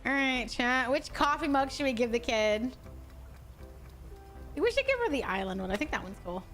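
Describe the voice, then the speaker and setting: A woman's voice: high voice, very animated, normal speed, fairly bright tone, faint music behind. A young woman streaming a game, chatting casually with her viewers, giggly and crude. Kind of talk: casual gaming stream chat.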